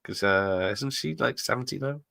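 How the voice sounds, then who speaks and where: A man's voice: mid-range voice, normal speed, vocal fry, bright, forceful tone, dry recording. A middle-aged man hosting a watch party, chatting casually, laughing often and wandering into asides while he reads the chat. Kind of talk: casual live commentary reading chat.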